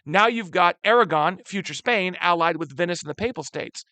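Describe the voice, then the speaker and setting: Lively high-voiced man teaching history. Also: normal speed, no echo. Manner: animated, slangy, addresses students as guys. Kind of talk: casual classroom lecture.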